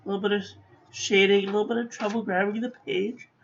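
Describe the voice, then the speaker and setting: A sleepy woman giving dry, low-key commentary while testing ink on paper. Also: level tone, fast, slight background noise. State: sleepy, yawning. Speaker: stationery reviewer. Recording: dull lo-fi recording.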